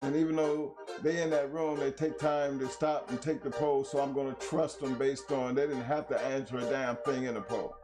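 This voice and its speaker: A man hosting a casual talk show, hoarse from losing his voice, explaining his points at length in a laid-back, slangy way. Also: medium pitch. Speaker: host. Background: music.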